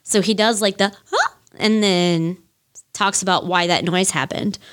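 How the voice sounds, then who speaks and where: Her voice is fairly low, clear and resonant, with a fairly bright, steady tone and a slightly slow pace. A woman in her thirties rambles through a casual solo music podcast, full of fillers and the occasional curse as she gushes.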